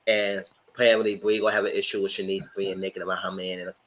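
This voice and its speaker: A man hosting a casual live TV review, slangy and animated, breaking into loud mock quotes. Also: low voice, fast talker, slight background noise, poor audio. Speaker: channel host, TV reviewer.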